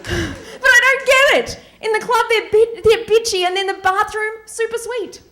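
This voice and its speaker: A woman's voice: very high voice, normal speed, bright, forceful tone. A woman performing stand-up on a club stage, mocking club girls with sarcastic impressions. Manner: mocking valley-girl impressions, sarcastic punchlines. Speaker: stand-up comedian. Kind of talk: stand-up set.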